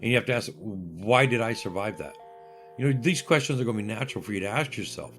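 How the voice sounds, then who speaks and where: Older male interview guest, lower voice, dry humor, lively storyteller who acts out the people he quotes. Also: fast, faint music behind. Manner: wry humor.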